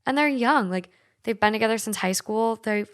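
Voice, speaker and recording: A woman's voice: a little high, normal speed. Woman, young adult, podcast host, light Minnesotan accent, casual, frank, swears a lot. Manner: frank, swears freely, chatty. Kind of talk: casual podcast chat and story reading.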